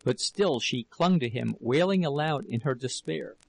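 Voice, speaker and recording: A man narrating a novel as an audiobook in a measured, dramatic storytelling manner. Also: medium pitch, animated, creaky, no room sound, low-quality recording.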